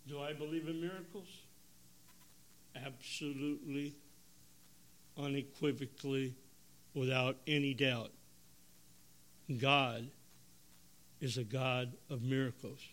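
A man, preaching an emotional testimony, swinging from loud bursts to hushed tones. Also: mid-range voice, a little hiss or hum. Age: 70s. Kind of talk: sermon testimony.

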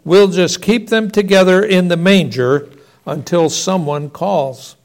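A man's voice: high-pitched, measured pace. A man voicing a flustered, fussy mother who gives instructions, in a storytelling reading. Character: worried flustered mother, middle-aged.

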